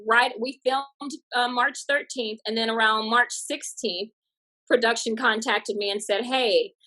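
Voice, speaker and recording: A woman comedian from a small Texas town tells her stories with plenty of bounce. Her voice sits a little high and rings bright and forceful. She slips into the voices of the people she quotes as she goes. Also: unhurried, rough recording. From Tatum, Texas. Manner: lively, acts out quotes in bursts. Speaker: comedian and guest. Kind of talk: animated storytelling.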